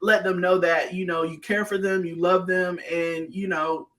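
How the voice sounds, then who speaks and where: A woman guest talking plainly and earnestly in casual conversation. She is soft-spoken and not very talkative. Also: lowish voice, flat delivery, normal speed, recorded from a distance.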